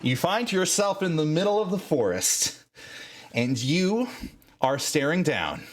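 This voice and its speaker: A man narrating as game master of a tabletop game, measured and dramatic, with frequent fillers. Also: a little high, very animated.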